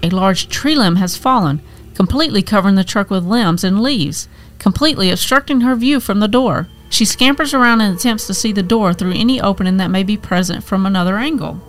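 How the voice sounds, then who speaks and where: A woman reading a horror story aloud as scripted narration, measured and tense. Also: medium pitch.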